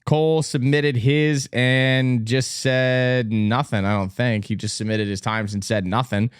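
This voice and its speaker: A man's voice: mid-range voice, steady tone, measured pace, clean tone, no echo, clean studio sound. A young man from Texas, an ex-swimmer, casually reacting and teasing as he reads out numbers, with frequent exclamations and laughter. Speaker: vlogger and former competitive swimmer. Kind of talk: casual commentary, reacting on screen.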